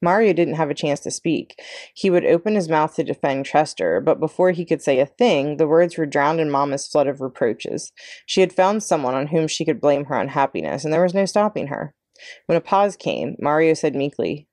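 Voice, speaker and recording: A librarian woman reading a children's chapter book aloud with expressive narration. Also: low-pitched, normal speed, no echo, clean studio sound. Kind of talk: read-aloud storybook narration.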